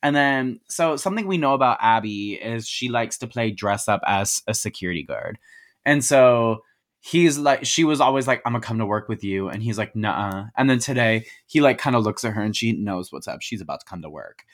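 A podcast co-host recaps a movie scene by scene in casual, slangy, profane talk, acting out the characters' lines in quotes. His voice is mid-range and animated, at a moderate pace.

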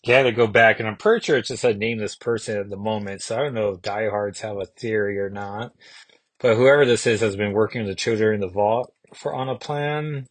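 A man's voice: on the low side, a little fast, breathy edge, dry recording. A man hosting a comic book podcast, recapping an issue in a casual, musing way and thinking aloud with small restarts.

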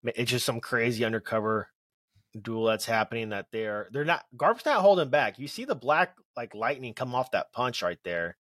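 A man at a middle pitch chatting casually as a podcast co-host, recorded dry and close with no room sound. He sounds laid-back, often trailing off and restarting his thoughts. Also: lively intonation, moderate pace, fairly bright tone, dry recording. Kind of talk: casual chat.

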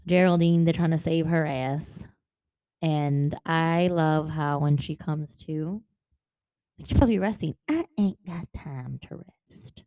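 A woman's voice: sits low, a little slow, dark tone, no echo. A woman co-hosting a casual book-discussion podcast. She talks animatedly, swears freely and acts out characters' lines. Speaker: podcast co-host.

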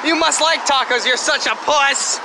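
A man's voice: extremely high pitch, moderate pace, background noise. A man trading crude, mocking insults in joking banter and slipping into Spanish slang. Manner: trash-talking, mock insults, slips into Spanish slang.

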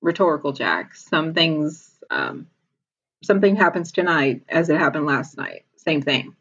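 A woman's voice: low-pitched, sing-song, unhurried, fairly bright tone, breathy edge, highs cut off. A woman casually retelling a TV episode as a podcast co-host, laughing often as she talks.

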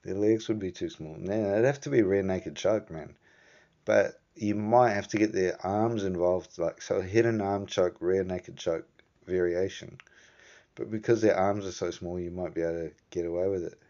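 A man's voice: low voice, steady tone, moderate pace, dark tone. A man with a New Zealand accent hosting a vlog, rambling in a laid-back, casual way and swearing offhandedly. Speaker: vlog host. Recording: dull lo-fi sound.

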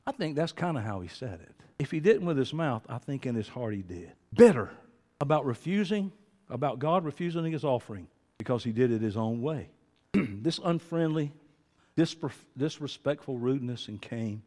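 A man preaching a sermon, rambling between quiet musing and emphatic declarations. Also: mid-range voice, lively intonation, moderate pace. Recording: long hall reverb.

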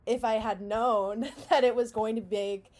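A woman's voice: on the high side, steady tone, measured pace, darkish tone. A young adult woman co-hosting a podcast, telling a story in casual chat, frank and swearing freely. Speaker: podcast co-host.

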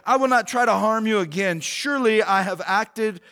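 A man voicing a remorseful older male king who speaks slowly and contritely. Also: high-pitched, sharp tone, smooth.

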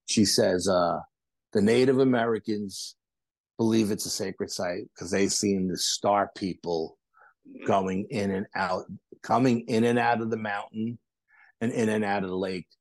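A man, a podcast guest, telling animated stories in a casual interview and acting out other people's quotes. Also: lowish voice, measured pace, no room sound. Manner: animated anecdotes with acted-out quotes. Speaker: podcast guest, paranormal investigator.

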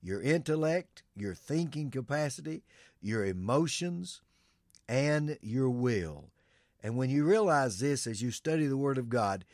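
Male pastor, earnest sermon delivery, mid-pitched, dry close sound. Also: darkish tone, no echo. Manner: earnest preaching with Bible quotations.

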